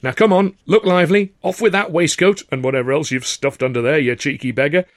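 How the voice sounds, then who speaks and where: A hearty, self-satisfied old college porter, brimming with pride for his son, as a male narrator puts him on. The voice rides noticeably higher than the reader's own. It sounds dry and close, storybook-style. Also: steady tone, fast talker, no room sound, natural voice. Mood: jovial. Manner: boastful, hearty, warmly proud. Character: proud jovial older male college porter, father. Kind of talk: audiobook character voice.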